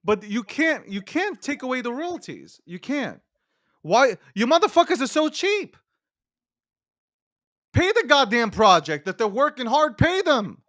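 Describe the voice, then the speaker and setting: A man with a high, lively voice that jumps all over the place, talking in a blunt, profane and excitable way. He is casual-chat hosting, and the sound is close and dry with no room around it. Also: measured pace, no echo. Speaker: podcast host.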